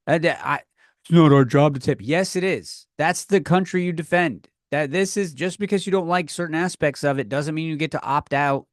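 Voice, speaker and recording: A man's voice: fairly high pitch, normal speed, no echo. Profane ranting man, dry sound. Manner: profane, rambling, swings from loud to quiet. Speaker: podcast host. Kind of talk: comedic rant.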